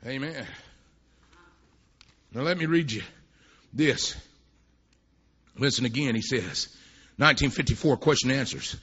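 A man preaching a sermon at a church service, telling folksy, rambling stories that swell into fervent shouts. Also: mid-range voice, unhurried, long pauses, husky. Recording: dull lo-fi recording.

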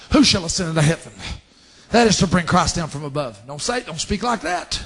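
Male preacher going hard, high husky voice, swoops all over the place, hushed then shouting. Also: animated, brisk. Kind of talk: sermon.

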